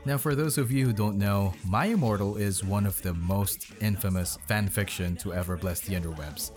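In his bedroom, a podcast host gives a comedic dramatic reading of bad fan fiction, breaking in with sarcastic, mocking asides. His voice is on the low side and darkish, at a moderate pace, with soft music in the background.

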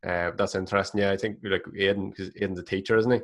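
Deep, flat-voiced male podcast guest. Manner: measured, reflective, many filler "like"s. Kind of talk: casual podcast conversation.

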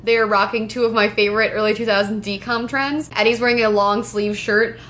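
A woman co-hosting a casual movie chat, quick and blunt, swearing freely. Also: mid-range voice, fairly even intonation, a bit bright, a little hiss or hum. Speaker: podcast co-host.

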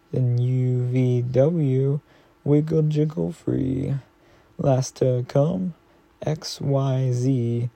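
A man talking softly and affectionately to a partner and reading a children's storybook aloud at bedtime. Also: medium pitch, vocal fry. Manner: gentle, affectionate, slow reading.

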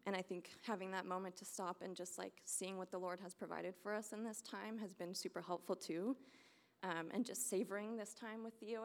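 A woman's voice: lowish voice, creaky. A young American woman giving an earnest, rambling personal testimony in church, full of fillers. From United States. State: getting emotional. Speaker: church member sharing testimony.

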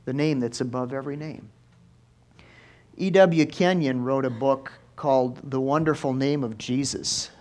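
A male pastor preaching a lively sermon in church, swinging from soft asides to loud exclamations. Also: medium pitch, measured pace. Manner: animated preaching with big swings in loudness.

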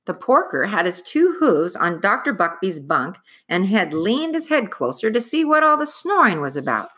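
A woman narrating a chapter book aloud in an expressive, dramatic storytelling manner. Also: mid-range voice, moderate pace.

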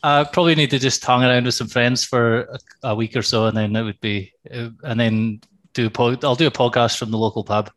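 A man's voice: mid-range voice, fairly even intonation, fairly quick, a bit bright. A man with an English accent co-hosting a podcast, telling anecdotes in easy, amused chat. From England. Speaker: podcast co-host. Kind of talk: casual chat.

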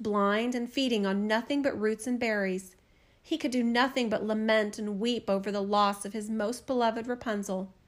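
A woman with a somewhat high voice reads a fairy tale aloud, measured and expressive. She carries the story steadily from scene to scene.

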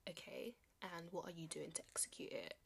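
A woman's voice: fairly low pitch, fairly even intonation, a little fast, vocal fry, breathy edge. A young woman hosting her podcast solo, chatting casually in an upbeat, motivational way with slangy asides. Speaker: podcast host.

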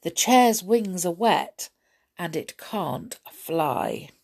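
A woman's voice: on the low side, expressive, extremely slow, vocal fry, darkish tone, breathy edge, full character voice. Woman as a storybook boy: gloomy, practical. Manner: gloomy, sensible.

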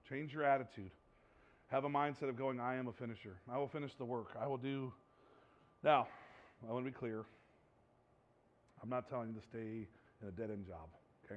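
A man preaching a sermon as pastor, impassioned, swinging between hushed and loud delivery. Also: medium pitch, muffled recording.

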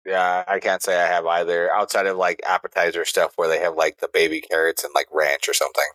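Man, low pitch, agreeable casual podcast co-host. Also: flat delivery, fairly quick, fairly bright tone, no room sound.

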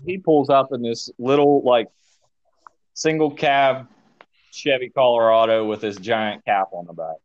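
A man tells a rambling, profane story with lively energy at an ordinary pitch. The recording is dull and lo-fi, with the top end rolled off. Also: a little slow, no echo. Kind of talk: casual storytelling chat.

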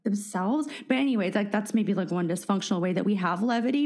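A woman's voice: mid-range voice, very animated, fast talker, hardly any pauses, darkish tone. A woman hosting a podcast, chatting casually and self-deprecatingly, with frequent restarts and laughter. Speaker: podcast host. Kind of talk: casual chat.

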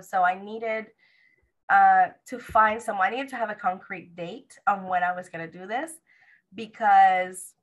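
A woman's voice: mid-range voice, rough recording. A young woman tells viewers the story of her labor in a casual, chatty way. She keeps acting out the lines of the nurse, the doctor and herself as she goes. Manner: animated retelling, acts out quoted dialogue. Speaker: mother sharing her birth story.

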